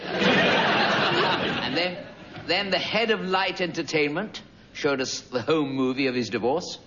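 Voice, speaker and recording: Rambling comic with a lively voice. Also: male voice, fairly low pitch. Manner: digressive, chatty, peppered with 'you know'. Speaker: comedian. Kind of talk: rambling comic monologue on radio. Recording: dull lo-fi recording with loud noise.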